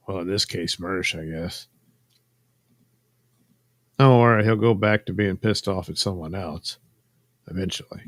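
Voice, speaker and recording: A man's voice: low voice, unhurried, long pauses, dry recording. A man hosting a casual commentary while coloring drawings, rambling and sardonic, trailing off into fillers. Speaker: host.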